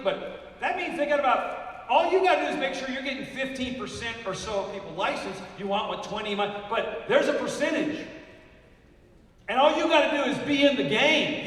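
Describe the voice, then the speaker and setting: A man's voice: extremely high pitch, a bit bright. An older man giving an emphatic motivational speech to a live audience, punching and repeating key numbers. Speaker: motivational speaker. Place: large hall. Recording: echoey hall recorded from far off.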